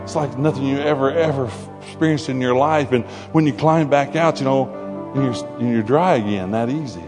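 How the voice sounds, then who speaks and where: A man preaching in a sermon, animated and conversational, slipping into playful asides. His voice sits in a middle register and rings out in a long hall reverb. Faint music plays softly underneath. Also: medium pitch, moderate pace. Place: church hall before a congregation.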